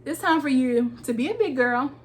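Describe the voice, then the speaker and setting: A woman in her twenties telling a personal story to her viewers in a casual, animated vlog. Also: high voice, moderate pace. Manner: animated, talks straight to viewers with "y'all". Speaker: lifestyle vlogger.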